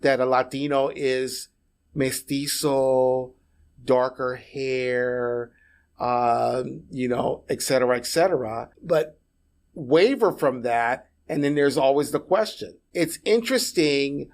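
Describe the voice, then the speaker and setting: This middle-aged Puerto Rican man is a guest on a podcast, chatting in a casual interview. He's an animated storyteller who keeps restarting and repeating words, speaking slowly at a medium pitch.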